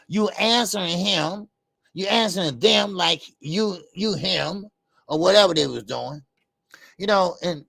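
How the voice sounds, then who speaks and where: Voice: mid-range voice, creaky, a bit bright, dry recording. A boxing show host ranting in a heated talk-show style, fired up, repeating points and talking straight to viewers.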